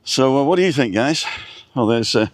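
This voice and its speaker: With the camera set down in front of him, a middle-aged man runs a casual live stream outdoors, hotels in view. He talks in an animated, mid-range voice at normal speed, rambling and reading out viewers' names with small asides.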